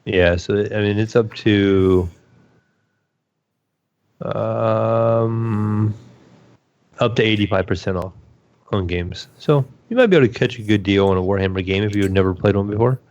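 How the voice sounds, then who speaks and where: A man co-hosting a casual gaming podcast, relaxed and full of fillers. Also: lowish voice, measured pace, pauses often, dull audio. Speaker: podcast co-host. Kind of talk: casual chat.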